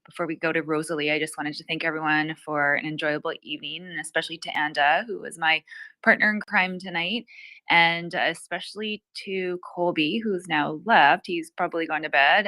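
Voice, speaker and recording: A woman's voice: sits low, sharp tone, dry recording. A woman co-host signing off casually, chatty and thankful, with many ums. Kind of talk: casual sign-off in a live audio room.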